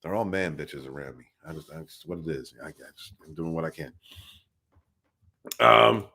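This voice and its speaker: A man's voice: very deep voice, expressive, moderate pace, gravelly, pushed and bright. A man hosting a casual livestream podcast, chatting nonstop, rambling and greeting viewers in the chat by name.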